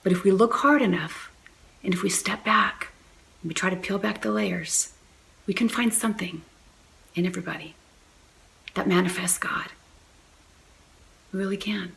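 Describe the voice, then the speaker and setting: A woman giving a gentle, reflective spiritual talk, pausing often with fillers. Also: mid-range voice, gravelly, a little hiss or hum. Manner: gentle, many pauses and fillers. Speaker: faith and motherhood speaker.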